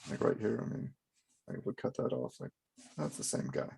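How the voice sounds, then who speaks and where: A man's voice: lowish voice, very animated, moderate pace, vocal fry, dark tone, slightly rough. A man hosting a casual comic book review, talking with wry, laughing commentary. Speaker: channel host.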